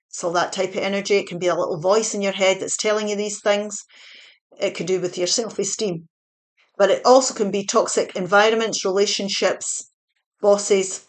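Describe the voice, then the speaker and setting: Chatty woman giving a tarot reading. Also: mid-range voice. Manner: chatty, reassuring, self-correcting. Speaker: tarot reader.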